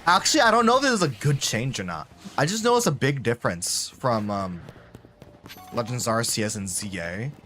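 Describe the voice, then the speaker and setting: Male streamer, mid pitch, very lively intonation, rambling chat over faint game music. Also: moderate pace. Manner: chatty, rambling, talks to chat. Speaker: live-streamer. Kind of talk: casual gameplay commentary.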